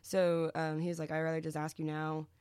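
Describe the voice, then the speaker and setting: Fast-talking young woman, chatty and rambling. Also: sits low, clear, resonant tone, no echo, clean studio sound. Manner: rambling, lots of fillers, animated quoting, swears. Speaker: interviewee, musician in a band. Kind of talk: casual chatty interview.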